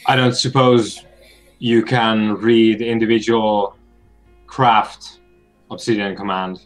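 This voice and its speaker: Man playing a measured, formal starship captain. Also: on the low side, level tone, faint music behind. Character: composed male starship captain on comms.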